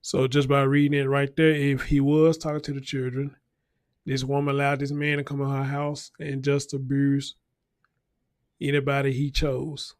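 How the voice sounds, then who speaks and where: A man's voice: mid-range voice, completely flat delivery, moderate pace, dry recording, clean studio sound. A man hosting a casual news commentary show, talking bluntly and profanely and repeating his points for emphasis. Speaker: show host.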